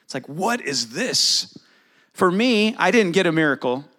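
Conversational pastor, fairly high voice. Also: male voice, very animated, a little slow, sharp tone. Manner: conversational, asks the congregation questions. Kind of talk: sermon.

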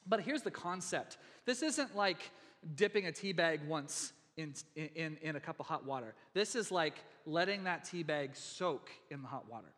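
A man preaching a sermon to his church in a relaxed, conversational way, with many fillers and restarts. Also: fairly high pitch. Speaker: pastor. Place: church sanctuary. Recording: long hall reverb in a church.

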